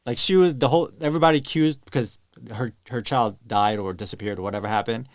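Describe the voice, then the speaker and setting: A man's voice: medium pitch, quick pace, no echo, clean studio sound. A man co-hosting a casual podcast, laid-back and blunt as he tells stories. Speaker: podcast co-host. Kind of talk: casual storytelling chat.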